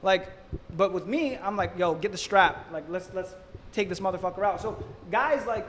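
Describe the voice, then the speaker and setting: A man in his twenties, a podcast host, telling stories fast and loosely with a lot of swearing. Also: high-pitched, in a large hall, slight background noise. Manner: fast, profane, animated storytelling. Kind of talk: casual podcast chat. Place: Florida.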